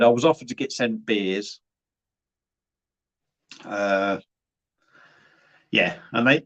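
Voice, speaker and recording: A man's voice: mid-range voice, a bit bright. A man chatting blunt and casual on a livestream, swearing freely as he reads out viewer comments. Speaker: beer reviewer and livestream host. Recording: dull lo-fi livestream audio.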